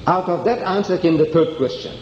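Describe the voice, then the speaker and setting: A man's voice: sits high, brisk, darkish tone, slight background noise. A man giving a public lecture, telling stories with emphasis and acting out the dialogue. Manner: emphatic storyteller, acts out dialogue. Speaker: lecturer on comparative religion. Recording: echoey hall, dull old recording.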